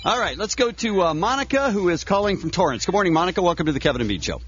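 High, lively male radio host. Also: very fast. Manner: wisecracking, teasing callers. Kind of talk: morning radio banter. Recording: slightly dull radio broadcast.

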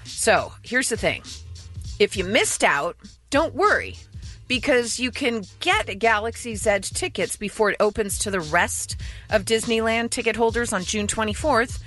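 A woman's voice: a little high, a bit bright. A woman co-hosting a morning radio show, reading announcements in a playful, upbeat way.

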